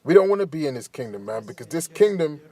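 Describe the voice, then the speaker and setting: A man's voice: on the high side, very animated, fast, a loud crowd. A man preaching in a casual, street-style way, tagging "man, right?" onto nearly every phrase. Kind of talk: preaching commentary over a news clip.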